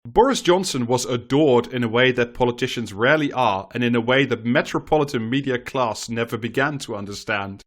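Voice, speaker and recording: A man's voice: mid-range voice, fairly quick, few pauses. A man co-hosting a casual political comedy podcast, reading quotes aloud and laughing often. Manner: animated, laughing often, swearing. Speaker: podcast co-host.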